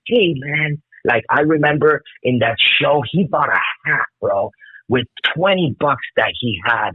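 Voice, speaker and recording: A man's voice: medium pitch, lively intonation, a little slow, breathy edge, no room sound. A man in his fifties telling stories as an interview guest, emotional and profane, heard over a tinny phone-like line. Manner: emotional, profane, keeps saying "bro". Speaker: guest musician. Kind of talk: casual interview storytelling.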